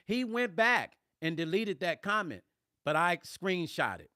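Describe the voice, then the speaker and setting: A man's voice: high-pitched, very animated, measured pace, bright, forceful tone, no echo, clean studio sound. A man who is a musician, chatting on a live stream, answering viewers' comments in a blunt, emphatic way. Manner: emphatic, blunt, swears when riled. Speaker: musician and vlogger.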